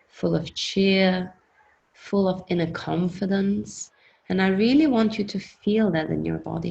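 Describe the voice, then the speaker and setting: A woman leading a workshop through a guided self-hypnosis exercise, coaching in a gentle, encouraging, repetitive way. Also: on the low side, vocal fry, dull audio. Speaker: workshop leader.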